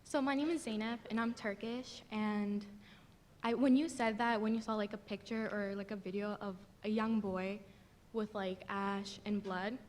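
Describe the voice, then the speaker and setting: A young woman from the audience telling a personal story, halting and tearful, with many fillers. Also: medium pitch, fairly even intonation, darkish tone. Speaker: audience member. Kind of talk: emotional personal testimony. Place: large theater.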